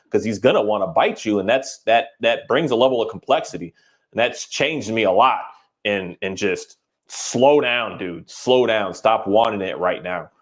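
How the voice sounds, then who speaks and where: In relaxed podcast conversation, a lowish-voiced dog trainer spins stories with lots of energy, voicing the people he quotes.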